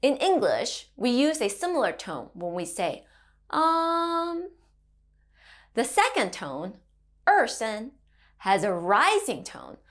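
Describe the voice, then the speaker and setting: A woman leads a children's language lesson with a cheerful, teacherly manner. Her voice sits a little high and moves up and down a lot. She speaks slowly and lays out each word with care. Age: adult parent. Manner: cheerful, slow and clearly enunciated, teacherly. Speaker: Mandarin teacher.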